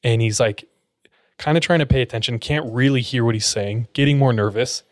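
Close to the mic, a podcast storyteller tells his friends a creepy tale, casual and suspenseful, full of fillers. He speaks briskly at a medium pitch, and there's no echo.

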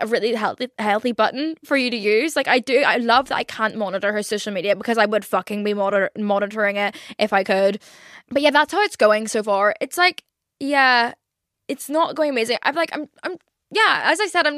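A woman's voice: a little high, a bit bright, no room sound, clean studio sound. A young woman hosting her podcast in a casual confessional monologue, rambling with lots of fillers and swearing. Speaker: podcast host.

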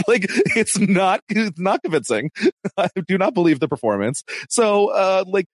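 A man co-hosting a podcast in casual chat, animated and laughing often as he mimics people. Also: high-pitched, normal speed, no echo. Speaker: podcast co-host.

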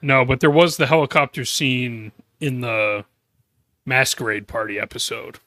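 A man's voice: mid-range voice, fairly even intonation, moderate pace, pushed and bright, no echo. A man co-hosting a podcast who makes wry, sarcastic complaints about an episode's silly moments. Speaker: podcast co-host. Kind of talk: casual episode recap.

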